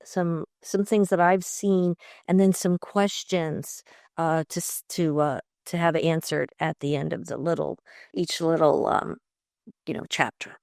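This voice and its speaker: A woman's voice: deep voice, fairly even intonation, unhurried, creaky, darkish tone, no room sound, studio quality. A middle-aged woman from Long Island, a podcast guest talking in an enthusiastic, chatty way with many fillers. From Long Island, New York. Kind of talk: conversational interview.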